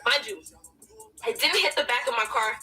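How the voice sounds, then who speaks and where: A woman telling a story casually, animated and profane, talking straight to her listeners. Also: a little high, moderate pace. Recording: distant mic with music underneath.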